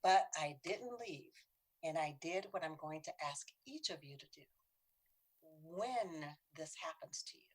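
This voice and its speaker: A middle-aged woman speaking on bias, telling a personal story dramatically and dropping to a breathy whisper for emphasis. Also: low voice, expressive, unhurried, darkish tone.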